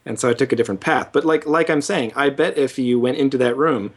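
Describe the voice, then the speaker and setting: A man with a husky, slightly breathy voice talks through his opinions on a casual podcast. He rambles, circles back on his points and teases his co-host along the way. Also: mid-range voice, fast. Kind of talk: casual gaming podcast chat.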